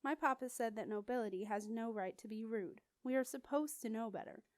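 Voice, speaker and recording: A woman's voice: fairly high pitch, fairly quick, no echo, lightly acted. A woman reading the lines of a bold, proper young noble girl in a firm, precise way. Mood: matter-of-fact.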